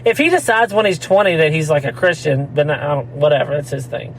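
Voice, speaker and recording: A man's voice: on the high side, animated, brisk, a little hiss or hum, rough recording. A man telling a rambling story in casual chat, laughing often and slipping into mock voices. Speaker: podcast co-host.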